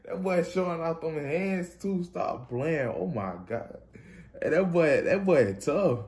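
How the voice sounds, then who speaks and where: A young man, bursting into loud exclamations over the plays. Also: on the high side, expressive, a little slow. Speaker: reaction channel host. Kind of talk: casual sports highlight reaction.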